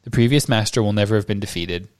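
A man voicing a weary teenage boy wizard in a quiet, subdued way. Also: fairly low pitch, fast, dry recording, clean studio sound, lightly acted.

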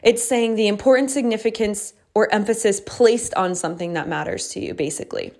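A woman's voice: medium pitch, sing-song, a little fast, vocal fry, darkish tone. A young woman hosting a casual solo podcast as a coach, talking in a chatty, reflective way with many fillers and restarts.

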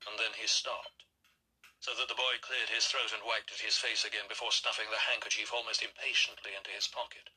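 A man narrates an audiobook in a quiet, measured way. His voice is husky, with a bright, tight edge to the tone. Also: lowish voice, fairly even intonation, poor audio. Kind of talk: scripted narration.

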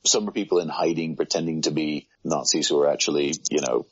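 Male voice actor, extremely low, breathy-husky, rambling self-deprecating chat. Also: brisk. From United Kingdom. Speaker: voice actor guest. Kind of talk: casual conversation. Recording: muffled low-fidelity sound.

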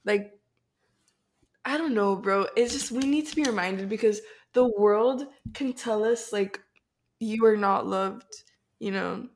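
Congested young woman, excited and earnest, slangy podcast chat. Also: medium pitch, takes it slowly, slight background noise. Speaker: podcast co-host. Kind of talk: casual faith podcast chat.

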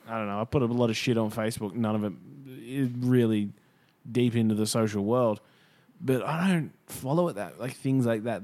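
A man's voice: mid-range voice, a little mellow. Bantering man, sweary. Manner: quick banter, sweary asides. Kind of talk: casual chat.

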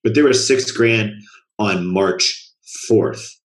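Deep-voiced laid-back man chatting. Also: takes it slowly. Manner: laid-back, trails off, swears casually. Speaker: podcast co-host. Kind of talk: casual chat.

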